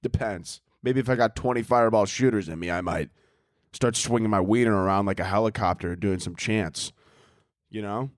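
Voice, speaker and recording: A man's voice: on the low side, moderate pace, dry recording, clean studio sound. A young man hosting a solo podcast, rambling and joking crudely, often laughing at his own bits and slipping into mock voices. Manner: mock posh voices for imagined waiters. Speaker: podcast host. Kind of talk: casual solo podcast rant.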